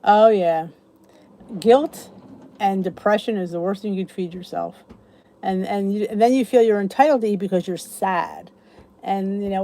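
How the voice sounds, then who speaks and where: A woman's voice: medium pitch, normal speed, mellow, a little hiss or hum. A middle-aged woman hosting a casual live weight loss chat from a cozy room downstairs, chatting easily and greeting viewers by name as their comments come in.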